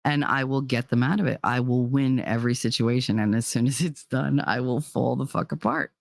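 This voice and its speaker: A woman's voice: very deep voice, fairly even intonation, brisk, gravelly, no echo. A woman with a New Jersey accent giving a blunt, profane, fiery rant to her viewers. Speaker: vlogger. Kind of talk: ranting monologue.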